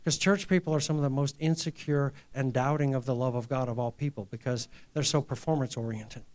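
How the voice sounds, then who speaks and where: A middle-aged male pastor preaching a testimony sermon, dropping to near-whispers and rising to loud, emphatic lines, acting out quoted dialogue. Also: mid-range voice, fairly quick. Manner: acts out quoted dialogue in a raised voice.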